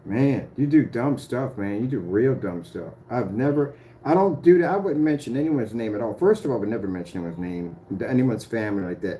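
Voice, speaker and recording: A man's voice: mid-range voice, expressive, brisk, hardly any pauses, warm tone, a little hiss or hum. A man speaking straight to the camera, confrontational and rambling as he warns a rival. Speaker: YouTuber addressing a rival. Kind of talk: direct-to-camera rant.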